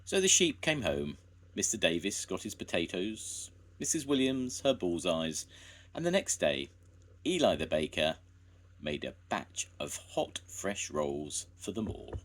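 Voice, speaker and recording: An older man, a grandfather, reading a children's story aloud in a slow, gentle way. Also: deep voice, big pitch swings.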